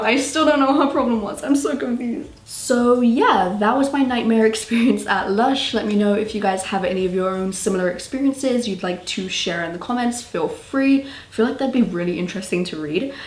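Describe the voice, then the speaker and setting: Young british girl doing a storytime vlog, kinda high voice, all worked up and baffled, echoey room. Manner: animated, exasperated, laughing storytelling. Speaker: vlogger.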